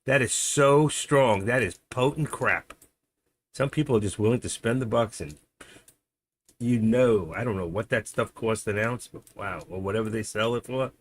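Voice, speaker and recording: Over slight background noise, a middle-aged livestream host talks in a lowish voice at a moderate pace while he trades. His casual chat rambles, he mutters to himself, and he chuckles along with his own stories.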